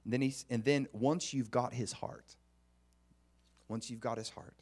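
A man's voice: unhurried, breathy edge. A man preaching a conversational sermon, earnest and often putting questions to the congregation, with frequent restarts. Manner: earnest, with restarts and lively pitch swings.

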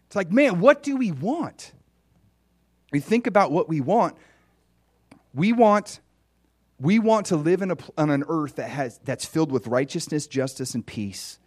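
A man's voice: a little high, unhurried, long pauses, no echo, clean studio sound. A man giving an informal, conversational sermon as a Bible teacher. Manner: animated, conversational, acts out dialogue.

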